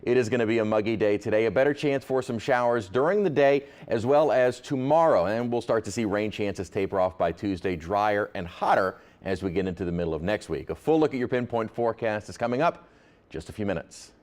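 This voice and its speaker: A man delivering a live TV weather forecast in a relaxed, jokey way. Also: lowish voice, a little fast.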